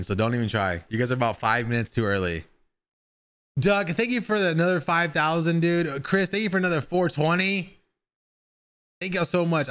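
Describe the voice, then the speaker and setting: A man's voice: mid-range voice, fairly bright tone, smooth. A man streaming live, chatting casually with his viewers in a rambling way and swearing now and then.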